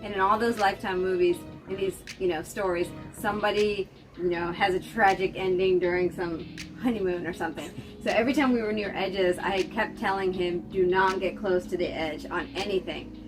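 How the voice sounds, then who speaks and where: An American woman casually telling the story of her marriage in a lively, laughing way. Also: medium pitch, fairly quick. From United States. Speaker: interviewee, wife. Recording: distant mic with music underneath.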